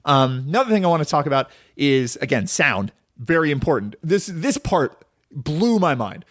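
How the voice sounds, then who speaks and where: A man's voice: on the high side, big pitch swings, normal speed, fairly bright tone, dry recording, clean studio sound. A man hosting a casual solo film podcast, rambling and enthusiastic, full of "like" and "um". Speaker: podcast host.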